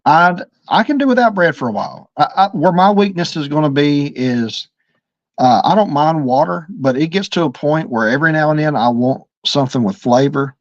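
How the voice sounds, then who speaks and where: A man's voice: a little high, animated, moderate pace, dry recording. A middle-aged man with an Alabama accent, co-hosting a livestream and telling stories in an easygoing way, often repeating words. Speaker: livestream co-host. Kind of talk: casual chat. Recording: dry, lo-fi livestream audio.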